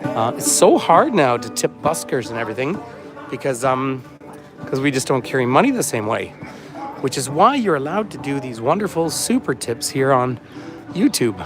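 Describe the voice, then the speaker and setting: Walking a city waterfront street outdoors, a tour guide livestreams on a phone camera, chatting and rambling as he reads viewer comments aloud. His medium-pitched voice swings widely in pitch at a normal speed, with music in the background.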